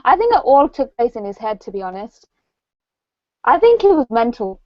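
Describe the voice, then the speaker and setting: A woman's voice: a little high, big pitch swings, moderate pace, dry recording, dull audio. A woman with a British accent, a guest in a casual movie debate, teasing and confident.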